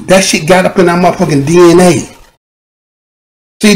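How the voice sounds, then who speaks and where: Profane high-voiced man ranting live. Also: poor audio. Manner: profane, rambling, street slang. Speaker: live-stream host. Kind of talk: unscripted live-stream monologue.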